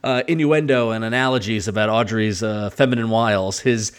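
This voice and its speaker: A man's voice: on the low side, a little fast, clean tone. A man hosting a podcast, chatting casually about a TV series, rambling with many fillers and restarts and laughing often. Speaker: podcast host. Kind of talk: casual chat recapping a TV series.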